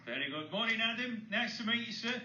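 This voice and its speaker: Quick, bright-voiced Manchester man. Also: very high voice, animated, roomy sound, dull audio, slight background noise. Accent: Mancunian. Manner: chatty, jokey, quick-talking. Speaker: radio show host. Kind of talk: casual radio banter.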